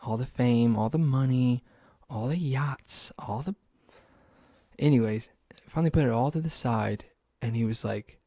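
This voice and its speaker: A man's voice: medium pitch, unhurried, warm tone, dry recording, clean studio sound. A young man hosting his own podcast, rambling casually about upcoming fights, swearing and poking fun at himself. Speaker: podcast host. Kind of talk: casual solo sports talk.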